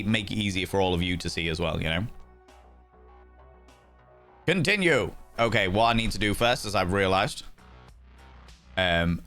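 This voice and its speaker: Rambling through his setup, a man streaming a game chats casually and pokes fun at himself in live-stream commentary. His voice is on the low side and a bit bright.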